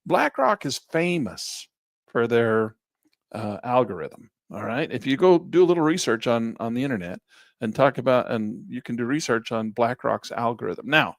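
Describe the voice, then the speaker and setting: A man running a live online trading class, chatty and animated, jumping between topics. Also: mid-range voice, normal speed, gravelly, no room sound, clean studio sound. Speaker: trading instructor.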